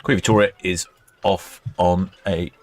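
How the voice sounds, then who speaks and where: At a quayside port camera station, an English man hosts a ship-watching livestream, chatting casually and reading viewer comments as ships depart. He speaks at a measured pace in a deep voice with fairly even intonation.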